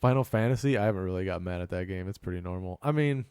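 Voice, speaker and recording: A man's voice: sits low, quick pace, clear, resonant tone, no echo, clean studio sound. Casual swearing male podcast host. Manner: swears often, acts out shouting gamers. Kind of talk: casual chat.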